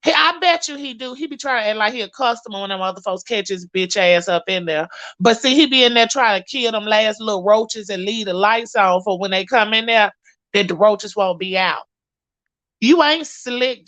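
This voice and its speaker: A woman's voice: on the high side, dry recording. Sassy, profane woman dishing gossip. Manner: sassy, profane, animated storytelling. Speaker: gossip vlogger. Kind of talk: casual commentary to viewers.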